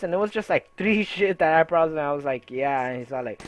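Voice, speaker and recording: A man's voice: fairly high pitch, fairly even intonation, a little fast, few pauses. Young man rambling a profane story. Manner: rambling, profane, full of "you know" and "uh". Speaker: gaming video creator. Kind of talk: casual storytelling over gameplay.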